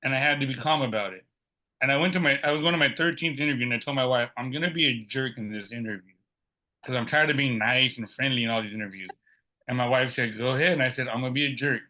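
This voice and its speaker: Bright-voiced middle-aged man telling stories. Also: medium pitch, quick pace. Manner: lively, acts out quoted dialogue. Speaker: podcast guest. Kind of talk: personal storytelling.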